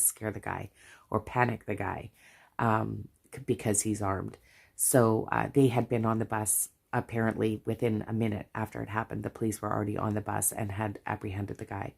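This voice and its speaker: Middle-aged Canadian woman, husky and mellow voice, casual chatty storytelling. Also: a bass voice. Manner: chatty storytelling with frequent asides. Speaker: budgeting vlogger. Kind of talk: casual chat.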